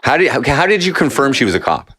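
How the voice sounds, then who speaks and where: A man hosting a casual podcast chat, high and rambling, swearing freely and pressing his guests with questions. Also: big pitch swings, quick pace, sharp tone, breathy edge, dry recording, studio quality. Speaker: host.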